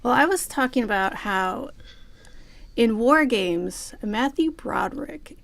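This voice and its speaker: A woman co-hosting a podcast, chatting casually about a TV episode, playful and quick to swear. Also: fairly high pitch, lively intonation, vocal fry, a bit bright. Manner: playful, swears freely, laughs often. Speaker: podcast co-host. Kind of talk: casual chat recapping a TV episode.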